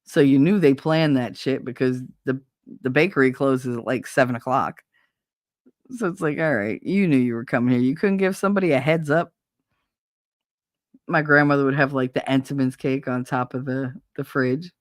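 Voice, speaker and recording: A woman's voice: rumbling low, moderate pace, no room sound, studio quality. A woman hosting a livestream, telling blunt, profane anecdotes with frequent laughter in casual chat. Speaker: livestream host.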